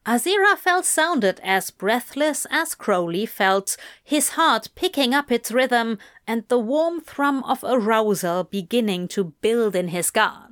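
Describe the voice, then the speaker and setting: A woman slowly reading a romantic story aloud in an intimate tone. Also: on the high side, fairly bright tone, smooth. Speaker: reader. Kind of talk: reading fan fiction aloud.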